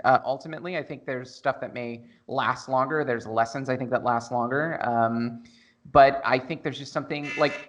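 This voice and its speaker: A man's voice: mid-range voice, fairly bright tone. Guy on a movie podcast, joking around, kinda rambly debate. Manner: joking, self-deprecating. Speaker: podcast panelist. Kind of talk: casual debate chat.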